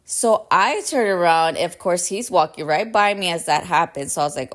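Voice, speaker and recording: A woman with a low-pitched voice hosts her own podcast and tells a personal story. She talks casually and chattily, and keeps checking in with her listeners as she goes. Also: a little fast, hardly any pauses. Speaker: podcast host.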